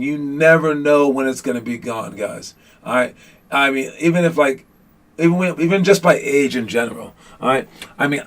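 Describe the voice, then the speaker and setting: A man hosting a casual basketball podcast, joking and teasing his chat with lots of restarts. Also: a little high. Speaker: podcast host. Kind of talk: casual live-stream chat.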